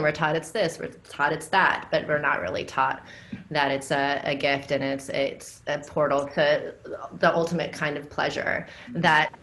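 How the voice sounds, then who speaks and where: A woman with a fairly low voice talks as a podcast guest. She is relaxed and reflective, and her speech is loose and full of fillers. The talk is a casual, open conversation. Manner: relaxed and reflective, frequent likes and laughs. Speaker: guest, dominatrix and somatic educator.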